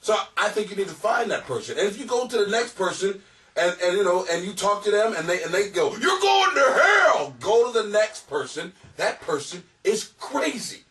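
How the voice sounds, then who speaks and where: A man's voice: high-pitched, lively intonation, brisk, a bit bright, distant mic. A man hosting a comedic advice podcast, rambling and crude, often laughing at his own jokes. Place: home basement.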